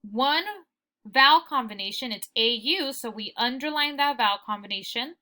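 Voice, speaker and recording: A young woman teacher giving a recorded phonics lesson, slowly sounding out word parts for her students. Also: fairly high pitch, bright, forceful tone.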